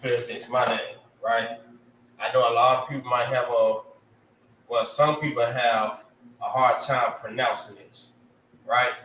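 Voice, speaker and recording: Man, language teacher, slow delivery, relaxed, keeps asking "right?", roomy sound, far from mic. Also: medium pitch, slight background noise. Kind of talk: casual language lesson.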